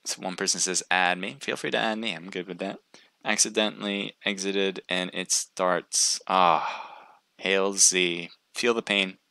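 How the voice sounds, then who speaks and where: A man's voice: low voice, fairly even intonation, measured pace, vocal fry, bright, forceful tone, dry recording. A man casting a live stream, chatting casually with viewers and thinking aloud with frequent restarts. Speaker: livestream caster.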